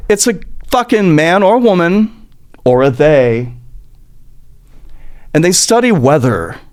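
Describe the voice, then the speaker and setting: A man's voice: on the high side, darkish tone. A young adult man hosting a comedic podcast, ranting about politics in a profane, mocking way and slipping into silly put-on voices. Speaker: podcast host.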